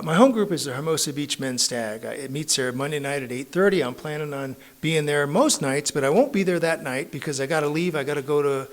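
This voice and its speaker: A middle-aged man telling his story as a recovery meeting speaker, conversational and self-mocking, with frequent tag questions. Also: fairly high pitch. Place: recovery club meeting room.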